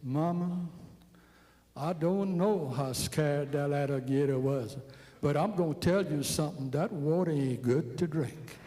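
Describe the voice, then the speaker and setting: A man's voice: on the high side, a little slow, in a large hall, noisy background, close to an everyday voice. A man with a Cajun accent voicing a naive young country boy who earnestly describes what he saw.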